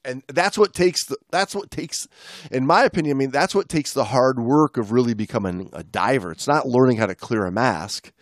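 A man co-hosting a podcast, talking in a relaxed way as he reads and discusses an article. His pitch sits in the middle range, and he stumbles and restarts now and then. The close mic gives a dry, room-free sound. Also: moderate pace, no room sound. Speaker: podcast co-host. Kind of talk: casual chat, reading and discussing an article.

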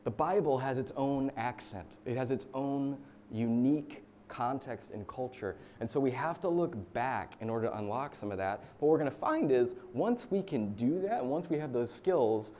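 A man's voice: mid-range voice, mellow, a little hiss or hum. A man in his thirties from the United States giving a casual, story-filled sermon as a pastor, with chatty fillers.

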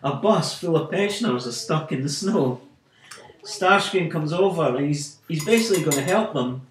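A man, a podcast host, retells a comic story in an animated, casual way with frequent fillers. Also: on the high side, normal speed. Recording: echoey room with faint music.

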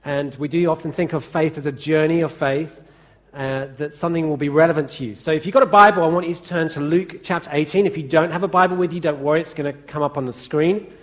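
Chatty preacher, higher voice. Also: male voice. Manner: chatty, asks the congregation questions. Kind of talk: sermon.

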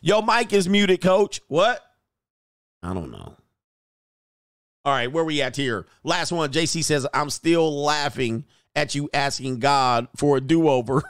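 Laughing, animated male livestream host. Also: on the high side, measured pace, clean tone, dry recording, studio quality. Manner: laughs often, loose and animated, acts out quoted voices. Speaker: livestream host reading chat comments. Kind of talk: casual livestream chat.

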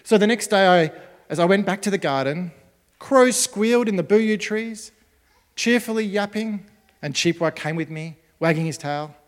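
High-voiced gentle male storyteller. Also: normal speed, big-room sound. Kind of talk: storytelling for children.

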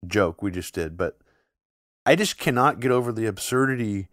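A man's voice: fairly low pitch, lively intonation, normal speed, a bit bright, no echo, studio quality. A man co-hosting a political podcast, talking at length with a sarcastic edge in long, run-on sentences. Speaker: podcast co-host. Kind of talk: casual political podcast chat.

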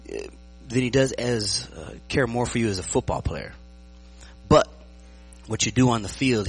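A male pastor delivering a lively sermon, breaking into jokes and asking his listeners whether they are with him. His voice sits low, with a husky, breathy edge. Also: poor audio. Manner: lively, joking, checks in with the audience.

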